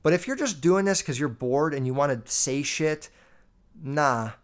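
A man's voice: a little high, expressive, measured pace. A man in his twenties hosting a solo podcast, ranting bluntly with heavy swearing and lots of fillers. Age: 20s. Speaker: podcast host. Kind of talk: casual solo podcast rant.

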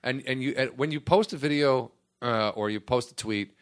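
A man's voice: medium pitch, normal speed. A man co-hosting a podcast, joking and swearing through casual banter. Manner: profane, jokey, animated. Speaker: podcast co-host. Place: podcast studio.

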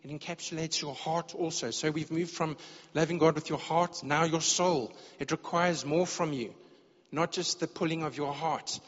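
An earnest male preacher delivers a sermon to his congregation, sometimes stumbling over and repeating words as he feels his way forward. His voice sits a little high for a man. The recording is dull and lo-fi, with a long reverb trailing off the walls of the church hall. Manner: earnest, repeats words when searching for phrasing.

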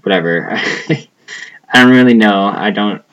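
A man's voice: on the low side, unhurried, fairly bright tone, muffled recording. A young man chatting casually as a podcast co-host, rambling and profane, trailing off with a lot of "like". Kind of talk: casual chat.

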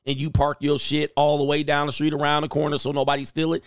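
Brief: male host, slangy joking commentary, slightly high voice, dry close mic. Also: monotone, quick pace, clean tone, dry recording. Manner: joking, laughing, slangy street talk. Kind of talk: casual reaction commentary. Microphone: headphones.

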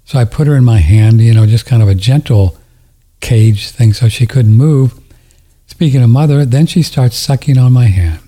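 A man's voice: medium pitch, moderate pace, dark tone. A man telling a story in a casual chat on a studio mic, rambling, emotional and tender, often laughing.

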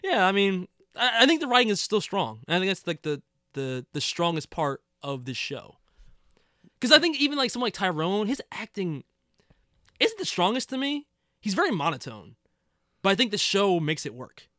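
A man's voice: high-pitched, sing-song, normal speed, bright, forceful tone, dry recording, studio quality. A man co-hosting a casual TV review podcast, laughing often and acting out scenes in funny voices. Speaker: podcast co-host.

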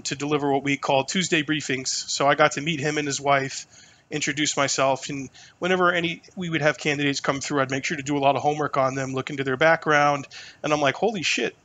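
Animated, swearing man telling stories. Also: fairly high pitch, slight background noise. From New Hampshire. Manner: animated, profane, lots of fillers. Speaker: podcast guest. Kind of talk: casual storytelling conversation.

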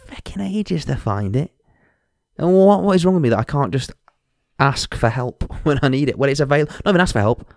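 A man's voice: on the low side, a little mellow, no echo, clean studio sound. A young man hosting his own podcast, talking candidly in a frank, sweary, self-mocking way and mimicking people he meets. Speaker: podcast host. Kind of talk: candid solo podcast monologue.

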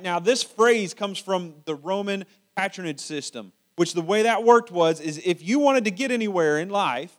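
A man with a notably high-pitched voice delivering a sermon. He talks in a relaxed, conversational way, often stumbling and repeating words while he finds his phrasing. He sounds middle-aged and paternal. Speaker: pastor.

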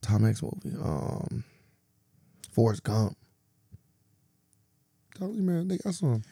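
A man's voice: mid-range voice, expressive, slow, vocal fry, pauses often, warm tone, husky, dry recording, studio quality. A man co-hosting a podcast in loose, joking chat, often acting out scenes as he retells them. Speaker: podcast co-host. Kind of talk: casual chat.

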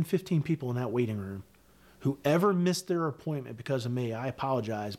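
A middle-aged man, a retired senior army sergeant, telling his story in an interview in a blunt, profane, animated way, acting out what people said. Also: mid-range voice. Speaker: guest, retired command sergeant major.

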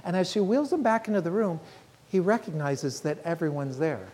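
A woman preaching a sermon, telling a story in an earnest, measured way and slowing down on key phrases. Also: lowish voice, expressive, warm tone, slightly rough.

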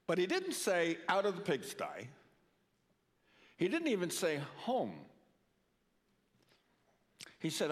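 Older male preacher, lively pitch. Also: takes it slowly, pauses often. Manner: earnest, rising and falling emphasis, repeats words. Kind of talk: sermon. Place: church sanctuary. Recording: long reverb of a church hall.

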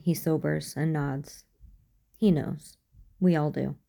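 A woman reads a first-person fan fiction story in a calm, even way. Her voice is low and gravelly, with a dark, mellow tone. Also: slow pace, pauses often. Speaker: audiobook reader.

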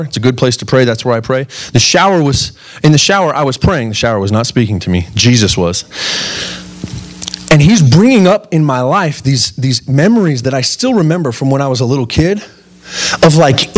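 A man in his thirties preaching a sermon in an earnest, conversational way, putting direct questions to his listeners. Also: mid-range voice. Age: 30s. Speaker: pastor.

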